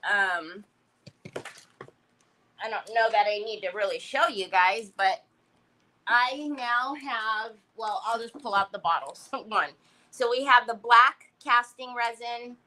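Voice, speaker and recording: A woman's voice: on the high side, sharp tone, rough recording. A woman hosting a casual craft livestream, greeting viewers by name and laughing often. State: recovering from a headache.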